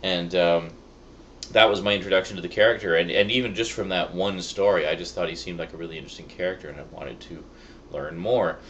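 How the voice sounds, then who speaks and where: Deep-voiced man hosting a review vlog. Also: steady tone, fast, fairly bright tone, dull audio, a little hiss or hum. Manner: wry, chatty, rambling asides. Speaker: video reviewer, show host. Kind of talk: casual review chat.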